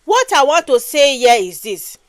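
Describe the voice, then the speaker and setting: A woman's voice: sits high, sing-song, normal speed, no room sound. A woman from Nigeria with a Nigerian accent giving emphatic casual commentary, repeating phrases and ending lines with "oh".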